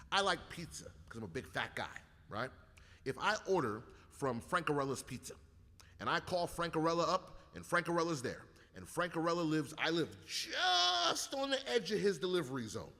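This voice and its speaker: Loud, profane ranting man in reverb. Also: a little high, very animated, moderate pace. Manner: profane, rambling storyteller who rants loudly. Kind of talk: casual chat. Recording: long hall reverb.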